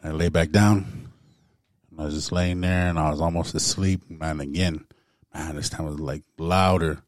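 A man's voice: rumbling low, fairly even intonation, normal speed, dry recording, clean studio sound. A man casually telling a personal story to a group, laid back and full of "man" and "like". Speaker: guest storyteller.

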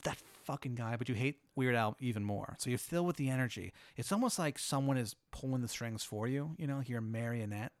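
A man's voice: mid-range voice, fast talker, few pauses, no echo. A man hosting a podcast, spinning a long improvised hypothetical in a laid-back, rambling way full of "like". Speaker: host.

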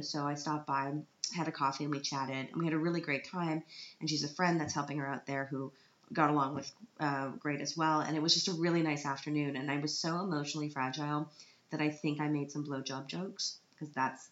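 A woman's voice: deep voice, fairly even intonation, brisk, roomy sound, dull audio. A woman from Canada telling a casual vlog story in a chatty, self-mocking way, laughing often. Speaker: vlogger, autism group organiser.

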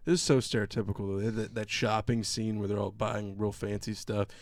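A man's voice: fairly low pitch, fairly quick, no room sound. A man co-hosting a podcast, ranting sarcastically about a movie in casual chat and mocking its characters. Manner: sarcastic, animated movie rant with mocking impressions. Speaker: podcast co-host.

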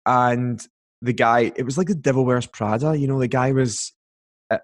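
A man's voice: medium pitch, moderate pace. Chatty young man telling a story. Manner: chatty, filler-heavy, acts out quoted voices. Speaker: guest. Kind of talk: casual storytelling chat.

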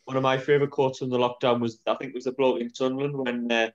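Quick-talking man on a dull lo-fi line. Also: mid-range voice, little pitch movement. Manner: quick, conversational, says "aye" and "mate". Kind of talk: casual football chat.

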